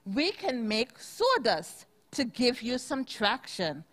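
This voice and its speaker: A woman voicing a pair of small, timid termites in a rhyming storybook read-aloud, soft and earnest. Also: fairly high pitch, sing-song, slow, exaggerated voice. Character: two tiny timid termites, kind-hearted.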